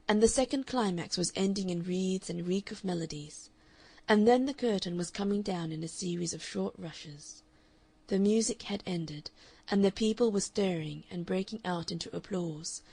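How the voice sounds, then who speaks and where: A woman narrating a classic novel in a steady, measured audiobook reading. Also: on the low side, slightly rough, no room sound. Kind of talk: scripted narration.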